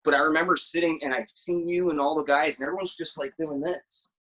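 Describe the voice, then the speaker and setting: A man's voice: on the high side, fast talker, poor audio. A man as a podcast guest, telling profane stories in casual chat. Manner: animated, profane storytelling.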